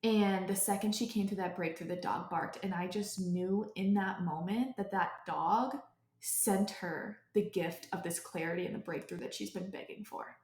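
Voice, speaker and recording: A young woman talks off the cuff as a podcast host, her voice sitting at an ordinary middle pitch. She rambles, stacking filler "likes" and restarting her sentences. The room around her rings with noticeable echo. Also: moderate pace, darkish tone. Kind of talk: off-the-cuff personal storytelling. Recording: echoey room.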